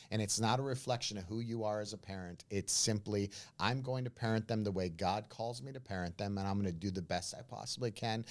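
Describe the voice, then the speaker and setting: A middle-aged man, a pastor and guest, telling stories in a casual interview, animated and acting out what people said. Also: on the low side. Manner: animated storyteller, acts out quoted voices, says "man" and "bro".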